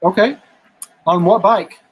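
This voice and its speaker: A man on a casual live stream from his garage, his voice a bit husky and pitched slightly high. He reads out comments in an easygoing, joking way. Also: takes it slowly, lo-fi sound. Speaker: co-host reading viewer comments. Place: home garage.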